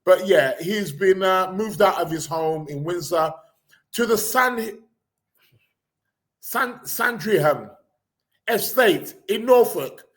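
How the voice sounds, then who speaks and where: This podcast host from England takes it slowly, with lively intonation and a high-sitting voice, as he reads out news in a casual live chat. He's rambling and sarcastic, full of fillers and restarts.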